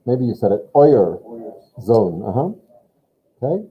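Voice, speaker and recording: A man's voice: lowish voice, sing-song, slow, husky. A man teaching a German lesson, patiently explaining grammar step by step and prompting a student. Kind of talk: online language lesson. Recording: tinny phone-like line.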